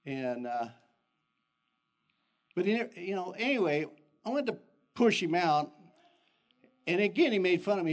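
An older man who is a pastor, giving an animated sermon full of personal stories that jump in pitch. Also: normal speed, pauses often. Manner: animated storytelling with sudden pitch jumps and chuckles.

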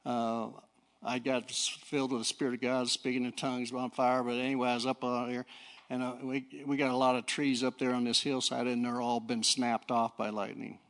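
A middle-aged male preacher giving a folksy sermon, swinging from low talk to fiery shouting. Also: flat delivery, fairly quick. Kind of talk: sermon with personal story.

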